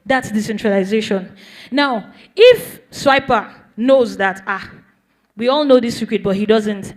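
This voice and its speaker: A woman's voice: a little high, darkish tone. A woman explaining a topic to a young audience in a playful way, often asking them questions. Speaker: speaker teaching young people. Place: event hall.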